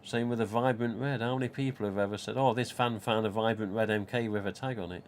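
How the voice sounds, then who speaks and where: In a casual live stream, a mask-collecting host talks in a chatty, wandering way, reading out messages from viewers. He speaks at a quick pace with a slightly low, steady voice, over a faint hiss of room noise.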